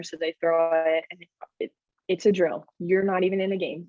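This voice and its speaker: Young female coach on a podcast, low-ish voice, relaxed, muffled dry audio. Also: normal speed, dry recording. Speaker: basketball coach and podcast co-host. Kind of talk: casual chat. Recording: dull, lo-fi sound.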